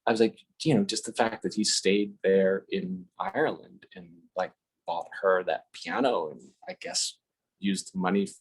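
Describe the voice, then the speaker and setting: A man's voice: low-pitched, normal speed, slightly rough. A middle-aged man telling a casual, rambling story with many fillers and self-corrections, host of a live talk stream.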